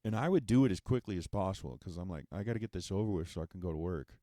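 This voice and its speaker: A man's voice: low-pitched, animated, rapid-fire, mellow, dry recording, clean studio sound. A man hosting a podcast, telling a sarcastic, profane and exasperated comedic monologue. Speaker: podcast host.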